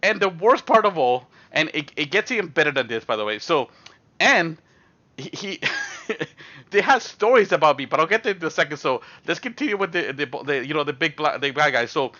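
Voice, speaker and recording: A young man from Canada telling a high school story casually, with lots of fillers and restarts. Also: a little fast. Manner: rambling, animated, heavy fillers. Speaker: streamer. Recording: dull lo-fi stream mic.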